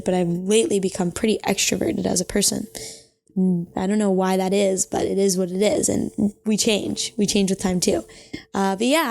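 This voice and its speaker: Brief: young woman host, casual and reassuring, mid-pitched, rambling and reflective. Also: a little mellow. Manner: chatty and reflective, with frequent "you know" and self-corrections; reassuring, advice-giving. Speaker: podcast host. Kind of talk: casual advice podcast.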